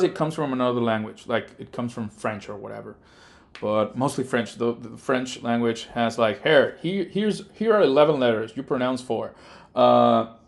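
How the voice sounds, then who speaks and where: A man who is a native Spanish speaker with a Rioplatense accent chats casually on a live stream while working on his game development. He rambles and thinks aloud with plenty of fillers, in a creaky, medium-pitched voice.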